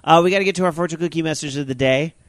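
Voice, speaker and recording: A man's voice: on the high side, racing, no echo. A man hosting a podcast, wrapping up the show in a casual, rambling way with many fillers. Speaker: podcast host.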